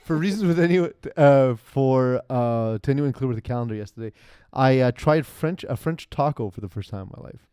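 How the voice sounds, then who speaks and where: A man's voice: mid-range voice, brisk, warm tone, clear, resonant tone, dry recording, studio quality. A young man hosting a casual sports podcast, rambling through self-mocking asides. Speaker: podcast host.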